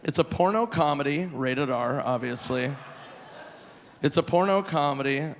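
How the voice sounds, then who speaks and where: A man in his forties performing a live stand-up comedy set, animated and loose, breaking into squealing high voices for punchlines. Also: unhurried. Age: 40s. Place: large theater stage. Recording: live venue with long reverb, faint noise.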